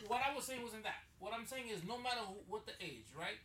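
High, bright-voiced insistent man. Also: fast talker. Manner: insistent, keeps pressing his point. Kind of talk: casual group chat.

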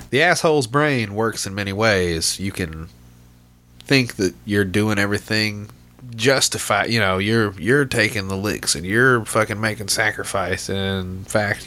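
A man's voice: low voice, pushed and bright. A man hosting a podcast, chatting casually in a rambling, profane, laid-back way. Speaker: podcast host.

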